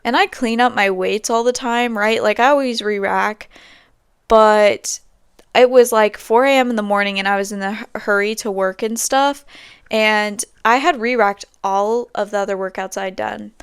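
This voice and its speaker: A woman's voice: medium pitch, normal speed, clean tone, no room sound, clean studio sound. A young woman hosting a podcast, telling stories in a rambling, casual way with lots of fillers. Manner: chatty, rambling storytelling with many fillers. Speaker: podcast host. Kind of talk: casual chat.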